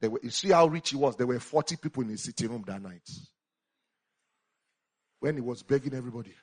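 A man preaching a sermon as a pastor, animated, swinging between loud exclamations and quiet asides. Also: mid-range voice, fast talker.

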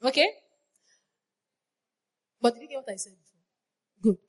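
Preaching at a normal speed, a woman with a slightly high, slightly rough voice repeats her phrases and asks the congregation questions in a call-and-response style.

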